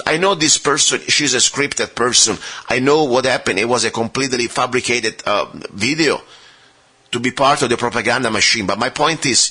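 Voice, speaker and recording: A man's voice: medium pitch, bright, forceful tone, husky. A man hosting a radio show, delivering an argumentative monologue straight to his listeners with lots of rhetorical questions.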